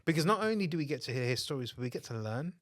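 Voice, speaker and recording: A man's voice: fairly high pitch, very animated, no echo. Upbeat man, dry close sound. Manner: upbeat, agreeable, chimes in with quick backing words. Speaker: podcast co-host. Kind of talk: casual chat.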